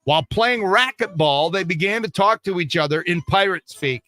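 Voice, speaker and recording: A man's voice: sits high, expressive, normal speed, pushed and bright. An older man hosting a radio show from the studio, running through joke-filled news bits with a wisecracking delivery. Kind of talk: morning radio comedy chat.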